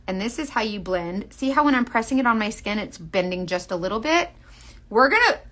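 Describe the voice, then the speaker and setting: A woman's voice: a little high, sharp tone. Chatty woman demonstrating makeup live. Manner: chatty and earnest, talks straight to viewers; rambling, restarts sentences. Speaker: makeup seller.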